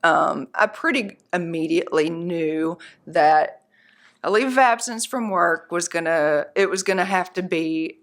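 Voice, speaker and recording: A woman's voice: on the low side, unhurried. Plainspoken mother telling her story. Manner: earnest, plainspoken, upbeat and practical. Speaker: guest, mother of a patient. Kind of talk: candid interview storytelling.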